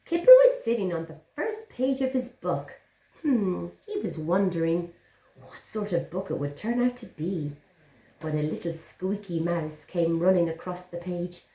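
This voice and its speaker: A woman's voice: fairly low pitch, big pitch swings, unhurried, dark tone. A woman teaching young children, encouraging and sing-song as she reads a picture book aloud. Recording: roomy echo.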